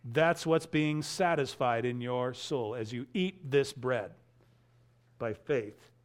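A man preaching an expository sermon, emphatic, repeating key phrases and swinging between loud stresses and quiet asides. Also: mid-range voice, slow pace. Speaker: pastor.

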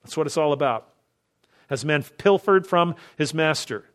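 A man's voice: a little high, animated, moderate pace, fairly bright tone. A man preaching an expository sermon, driving his points home with emphatic strings of rhetorical questions. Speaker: pastor.

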